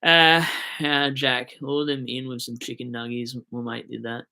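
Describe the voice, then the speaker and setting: A man's voice: medium pitch, little pitch movement, measured pace, vocal fry, sharp tone, smooth. A young Australian man hosting a livestream, telling rambling footy stories and reading chat aloud, swearing casually. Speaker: livestream host.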